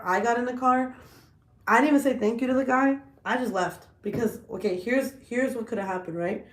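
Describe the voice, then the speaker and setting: A woman in her thirties, a vlogger telling stories in a blunt, profane, animated casual chat. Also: mid-range voice, echoey room.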